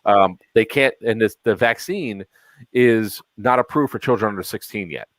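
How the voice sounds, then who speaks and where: Low-voiced exasperated man telling a story. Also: normal speed, no room sound, low-quality recording. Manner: exasperated storytelling, retelling dialogue. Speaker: podcast host. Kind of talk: casual chat.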